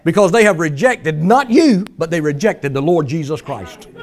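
A man's voice: on the high side, animated, moderate pace, darkish tone. A male pastor preaching a sermon in a folksy, emphatic way, mimicking pleading prayers for effect.

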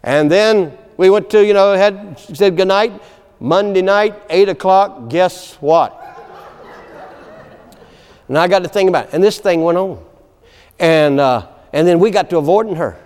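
A man's voice: high voice, unhurried, long pauses, smooth. A man preaching a sermon in a folksy storytelling way, breaking into laughter and calling out "amen". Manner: storytelling, animated, laughing asides, frequent "amen". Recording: long hall reverb.

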